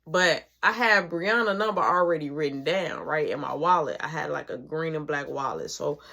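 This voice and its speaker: A woman's voice: low-pitched, animated, moderate pace, creaky, bright, forceful tone. A woman telling a personal story in casual, slangy, profane narration.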